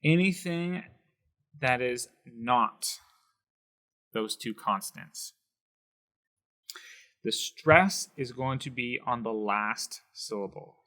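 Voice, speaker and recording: A man's voice: mid-range voice, animated, slow pace, long pauses, pushed and bright. A man teaching a Spanish lesson on video, explaining with emphasis and sounding out words syllable by syllable.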